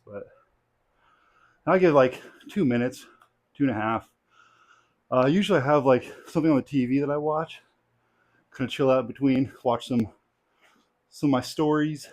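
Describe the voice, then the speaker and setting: Tired young man rambling through his workout. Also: medium pitch. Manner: relaxed, rambling, many fillers. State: tired, out of breath between sets. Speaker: strength athlete vlogging his training. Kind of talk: casual training vlog. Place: home garage gym. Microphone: clip-on mic.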